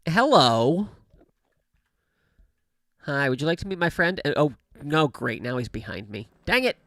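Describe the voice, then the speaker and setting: This streamer's voice is medium-pitched, creaky, and fairly bright, very animated yet unhurried, with no echo. He chats casually over a game into a studio mic with a pop filter, rambling, correcting himself, and laughing frequently.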